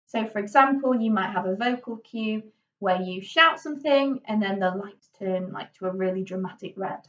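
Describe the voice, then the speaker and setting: A woman's voice: mid-range voice, fairly bright tone. A young woman explaining drama voice skills in a casual tutorial, chatty and demonstrating each one aloud. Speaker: drama teacher. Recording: slightly distant dull lo-fi mic.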